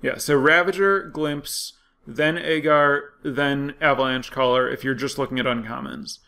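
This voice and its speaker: A man's voice: medium pitch, fairly even intonation, measured pace, gravelly, pushed and bright. A man giving casual, analytical commentary on card game statistics, thinking aloud with frequent fillers and restarts.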